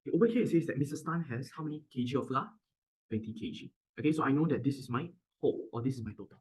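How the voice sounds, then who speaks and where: Animated fast-talking Singaporean tutor. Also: male voice, medium pitch, poor audio. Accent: Singaporean English. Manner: animated, keeps checking understanding. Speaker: math tutor. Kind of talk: classroom math lesson.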